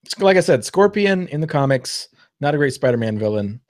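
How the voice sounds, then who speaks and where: A man's voice: on the high side, sing-song, fairly quick. A man co-hosting a podcast, chatting casually and enthusiastically about a movie, rambling like a fan. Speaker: podcast co-host.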